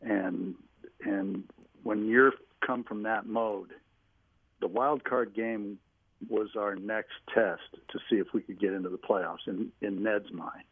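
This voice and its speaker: A man's voice: on the low side, steady tone, slow, breathy edge, no echo. A man in his home office calling in to a radio talk show, telling long rambling stories with many restarts. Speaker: guest telling stories, former team staffer. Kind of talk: phone-in radio interview, anecdotes. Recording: tinny phone line.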